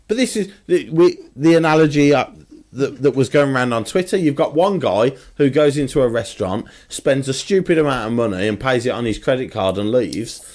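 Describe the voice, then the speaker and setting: A man co-hosting a football chat show, his voice middling in pitch. He rants with animated exasperation and builds up steam as he goes. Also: fairly quick. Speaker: podcast co-host.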